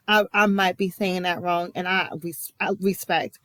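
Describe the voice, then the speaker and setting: A woman's voice: fairly low pitch, fairly even intonation, moderate pace, a bit bright, no room sound. A young American woman giving a chatty, emphatic reaction commentary with many fillers and asides. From United States. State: emotional. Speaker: vlogger reacting to a TV episode.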